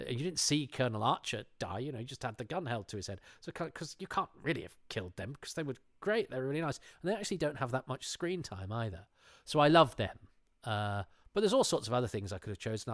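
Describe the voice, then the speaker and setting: A man's voice: lowish voice, no room sound, studio quality. A man chatting casually, enthusiastic and digressive with a self-deprecating streak. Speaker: show panelist. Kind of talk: casual chat.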